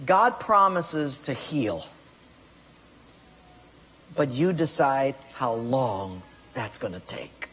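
A man's voice: mid-range voice, expressive, drawn-out words, long pauses, fairly bright tone, breathy edge. A man preaching a sermon, emphatic, firing rhetorical questions at his congregation. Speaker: pastor. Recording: long reverb of a large hall.

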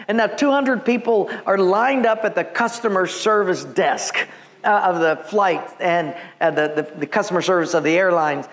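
A man from Hawaii, a pastor, preaching with lively storytelling and acted-out voices. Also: sits high, normal speed. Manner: animated, acts out voices, laughs at himself. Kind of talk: sermon with storytelling. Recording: long church reverb, faint background noise.

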